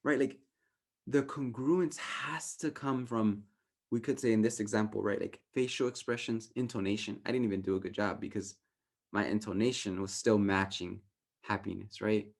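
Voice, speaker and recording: A workshop facilitator from Southern California teaches in a casual, animated way, with a lowish, fry-tinged voice at a moderate pace. He often caps points with a questioning "right?", swears lightly, laughs at himself, and voices inner thoughts in raised, playful tones.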